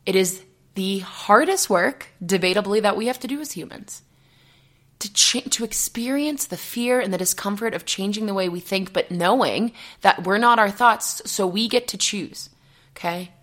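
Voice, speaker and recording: Talking at a normal speed in a mid-range, slightly bright voice, a young podcast host and coach rambles earnestly in a casual solo monologue. She often checks in with "okay?" and giggles nervously.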